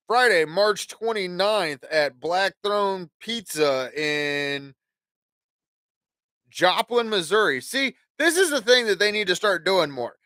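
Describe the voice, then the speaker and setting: A man's voice: sits high, pushed and bright, no echo. A man hosting a casual podcast livestream, rambling and swearing freely as he acts out conversations. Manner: profane, rambling, acts out dialogue. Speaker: podcast host.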